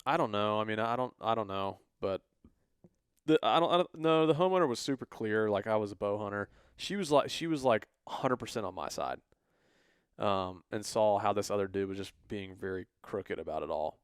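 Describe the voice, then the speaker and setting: A man's voice: on the low side, fairly quick, clean tone, no echo, clean studio sound. A man, co-hosting a podcast, telling a story in a casual way and acting out the people he quotes. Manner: animated, acts out quoted voices. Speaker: podcast co-host.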